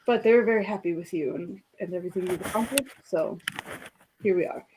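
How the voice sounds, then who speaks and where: A woman's voice: on the low side, a little fast, darkish tone, a little hiss or hum. A woman narrating as game master for a tabletop game, rambling with many fillers and laughing easily.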